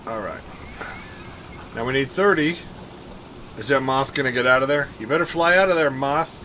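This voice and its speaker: A man streaming a game live, chatting casually with viewers, thinking and counting out loud and laughing often. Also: medium pitch, moderate pace, a little hiss or hum. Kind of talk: casual gameplay commentary.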